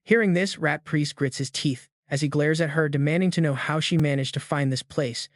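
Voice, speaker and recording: A man giving scripted, dramatic narration as he recaps a comic story in a steady storytelling voice. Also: on the high side, moderate pace, no room sound.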